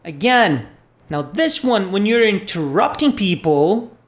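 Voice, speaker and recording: A woman's voice: medium pitch, sing-song, slow. A woman teaching a language lesson, patiently repeating phrases for learners. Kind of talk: slow spoken language lesson.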